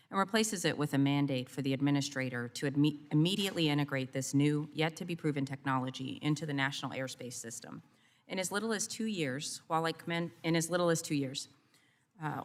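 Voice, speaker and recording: A woman committee member reading prepared remarks in a measured, formal way. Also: very deep voice. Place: large hearing room. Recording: long reverb of a hearing room.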